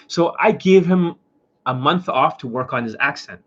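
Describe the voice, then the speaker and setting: A man's voice: a little high, animated, moderate pace, a bit bright, husky, muffled recording. A man, a dating coach, lecturing bluntly in a casual livestream rant, swearing and repeating his points. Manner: blunt, profane, repetitive lecturing.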